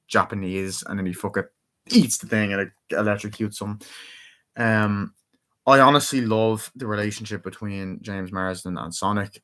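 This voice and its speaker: A man's voice: on the low side, fairly bright tone. A young man casually reviewing a movie, rambling with many fillers and swear words as he eagerly retells scenes. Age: young adult.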